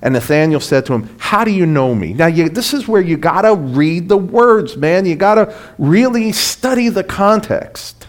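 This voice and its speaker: A man's voice: sits high, lively intonation, moderate pace, few pauses. A man preaching a short sermon and reading scripture aloud, talking in a conversational, emphatic way and often checking in with his listeners. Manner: conversational, emphatic, asks the audience "right?".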